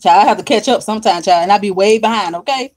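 A woman's voice: medium pitch, fast, darkish tone. Woman, livestream host, casual chat, drawling, greets viewers by name, at home. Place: home, at her makeup desk.

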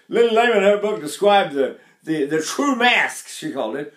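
Older male vocal coach, higher speaking pitch, echoey classroom sound. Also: sing-song, moderate pace, fairly bright tone. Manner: talks to his class, breaks into brief sung and nasal demonstrations. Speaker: voice teacher. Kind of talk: vocal lesson with sung demonstrations.

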